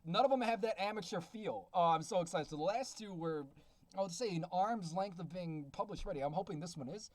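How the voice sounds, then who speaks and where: An excitable man out of breath, hosting a casual vlog where he beta-reads a manuscript and exclaims often. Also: high-pitched, a little fast, no room sound. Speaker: beta reader and self-published author. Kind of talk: casual reading review vlog.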